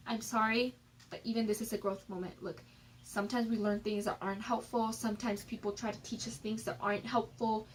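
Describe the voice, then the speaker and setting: This casual advice vlog features a woman sharing personal development tips in a chatty, candid way, filled with "like" and "um." Her voice is a little high, with fairly even intonation and a moderate pace. It was recorded on a phone, so the audio is poor with slight background noise.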